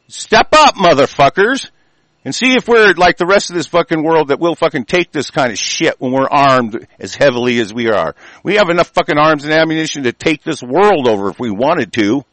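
A male show host delivers an angry, profanity-laden rant, stumbling over restarts and swinging between yelling and low muttering. The recording is dry and rough.

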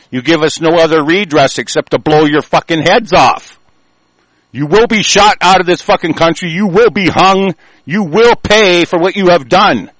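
An older American man giving a profane, angry monologue, reading news aloud and commenting, swinging from low mutters to shouting. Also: dry recording, rough recording. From United States.

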